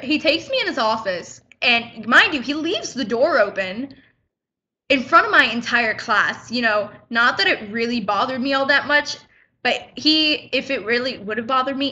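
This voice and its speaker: A woman's voice: a little high, sharp tone, highs cut off. A teenage girl in a casual vlog, retelling a run-in in a chatty, indignant way and acting out both sides. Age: teens. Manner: indignant, chatty retelling with quoted back-and-forth. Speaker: high school student vlogger.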